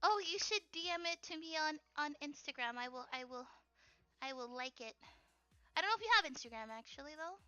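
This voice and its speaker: High, bright-voiced young woman streamer. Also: a little fast, dry recording. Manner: rambling, animated, many fillers and giggles. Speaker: streamer drawing live. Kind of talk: casual chat while drawing.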